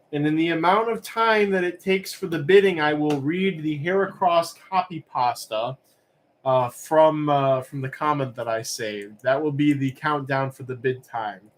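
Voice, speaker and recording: A man's voice: on the high side, measured pace. A man hosting a live-stream auction, chatting casually and rambling with lots of fillers. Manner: relaxed, rambling, many fillers.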